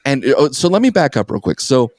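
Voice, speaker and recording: A man's voice: medium pitch, sing-song, a little fast, a little mellow, no room sound, clean studio sound. A man co-hosting a podcast, telling a rambling story in a casual chat and laughing at himself as he goes. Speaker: podcast co-host.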